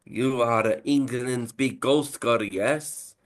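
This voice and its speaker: A man's voice: mid-range voice, fairly even intonation, slow pace, close to an everyday voice. A man voicing a menacing Italian mobster with a put-on Italian accent, drawn out and threatening.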